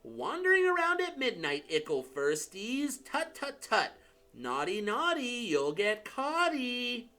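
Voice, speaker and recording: A man's voice: very high voice, huge pitch swings, slow pace, pushed and bright, pitched above the performer's own voice, full character voice. A man voicing a mischievous male poltergeist with a taunting sing-song manner. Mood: sly taunting.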